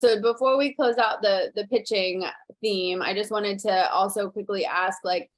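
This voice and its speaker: A woman's voice: mid-range voice, steady tone, normal speed. A woman hosting a conversational interview in a mid-range voice. She is chatty and playful, slipping in dry sarcasm as she steers the talk to her next question. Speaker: host.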